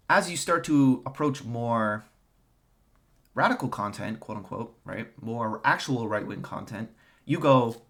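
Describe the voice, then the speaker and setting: A man's voice: mid-range voice, measured pace, creaky, fairly bright tone. Young man ranting sarcastically. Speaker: online commentator. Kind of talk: opinion monologue to camera.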